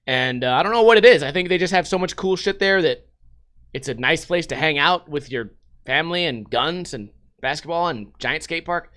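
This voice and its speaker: Animated man riffing on news stories. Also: a little high, moderate pace. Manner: animated, profane, laughing asides. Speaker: comedy commentator. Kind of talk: comic reading of news articles.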